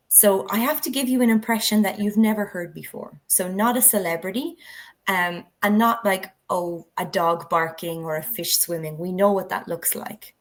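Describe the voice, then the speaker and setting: A woman working as a drama education trainer, instructive in tone and walking through each step with examples. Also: fairly low pitch. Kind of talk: explanatory conversation.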